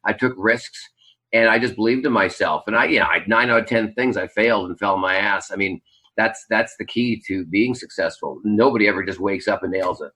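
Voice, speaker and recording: A man's voice: fairly low pitch, brisk, sharp tone, poor audio. A man from Canada, a Las Vegas magician, reflecting in a rambling way with many fillers in a casual interview.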